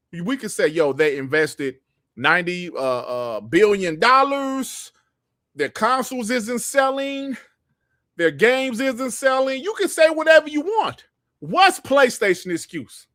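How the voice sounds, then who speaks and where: A man hosting a gaming podcast livestream, ranting in a heated, profane and animated way. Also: extremely high pitch, dry recording, clean studio sound. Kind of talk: livestream commentary rant.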